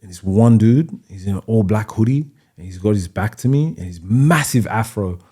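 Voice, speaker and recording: A young Australian man with a Sydney accent, telling stories on a podcast in a casual, animated way, acting out other people's voices with plenty of slang. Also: lowish voice, normal speed, breathy edge. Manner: animated storyteller, acts out voices, heavy slang and swearing. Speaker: podcast guest, DJ.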